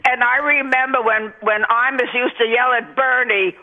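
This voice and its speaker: A woman's voice: a little high, fairly even intonation, normal speed. An older woman calling in to a radio show, gushing with praise in an effusive way. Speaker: caller. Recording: dull phone line.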